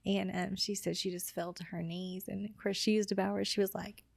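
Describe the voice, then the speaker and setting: Gravelly-voiced woman sharing an earnest testimony. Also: medium pitch, a little fast, no echo. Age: adult with children. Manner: earnest, quotes people in lively retellings. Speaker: podcast guest. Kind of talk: personal testimony storytelling.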